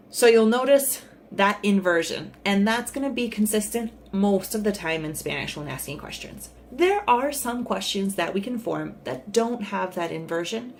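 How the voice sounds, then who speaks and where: A woman's voice: mid-range voice, a little hiss or hum. A woman giving a casual video lesson, explaining step by step with examples in a friendly way. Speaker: Spanish teacher. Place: recording in a city in Central America.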